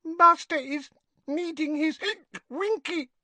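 A man's voice: extremely high pitch, slow, sharp tone, no room sound, voice pushed up, full character voice. A man voicing a drunk, hiccuping female house elf. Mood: drunk, grieving. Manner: slurred, broken by hiccups.

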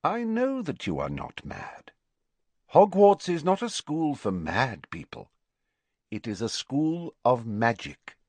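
A man voicing a calm, patient old male wizard headmaster in an audiobook, speaking in a measured, formal way. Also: medium pitch, no echo, voice pushed up, heavily acted. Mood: reassuring. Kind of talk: audiobook character reading.

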